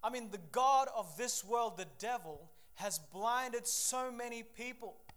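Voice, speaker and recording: A male preacher from Papua New Guinea delivering a sermon, reading scripture and telling lively stories with sudden swings in loudness. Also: very high voice, a little slow. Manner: animated storytelling with shifting loudness, acts out voices.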